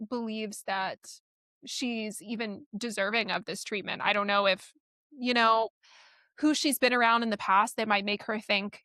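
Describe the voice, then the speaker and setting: Woman, podcast co-host, bright tone, blunt and indignant, dry close sound. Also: mid-range voice, no echo. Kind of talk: casual podcast chat.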